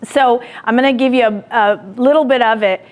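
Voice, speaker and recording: A woman's voice: fairly high pitch, steady tone, normal speed. A woman giving a classroom lecture, telling a personal story and acting out her own lines with animation, then putting questions to the audience. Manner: asks the audience direct questions.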